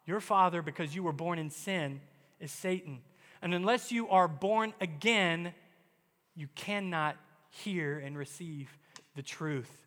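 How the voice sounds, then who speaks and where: A man's voice: high voice, sharp tone. A man preaching a sermon as pastor, emphatic and acting out quoted prayers in his delivery. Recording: long hall reverb.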